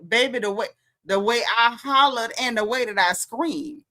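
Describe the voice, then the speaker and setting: A woman casually recapping reality TV, telling it as an animated story and acting out the quotes. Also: fairly high pitch, normal speed. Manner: animated storytelling, acts out quotes, frequent laughs.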